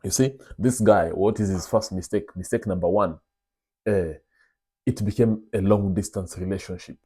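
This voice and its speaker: A man's voice: low voice, moderate pace, warm tone, breathy edge. A young man hosting his own show, telling stories in a casual, confiding way and calling his listeners brothers. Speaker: vlog host. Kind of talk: casual storytelling monologue.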